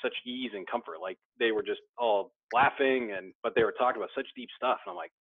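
A man's voice: mid-range voice, fast talker, hardly any pauses, no room sound. A man sharing his story candidly in a recovery support meeting, often restarting his sentences. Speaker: support group member. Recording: dry tinny phone-like sound.

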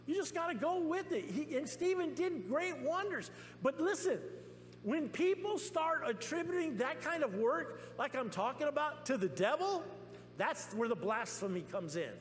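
A man preaching a testimony sermon in a church, telling his story excitedly with many restarts. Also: very high voice, moderate pace. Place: church sanctuary. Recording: long reverb in a church with faint hum.

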